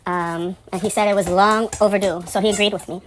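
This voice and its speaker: A woman telling a story about her building in a casual monologue, rambling and profane, turning indignant and loud when exasperated. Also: medium pitch, steady tone, fairly quick, slight background noise.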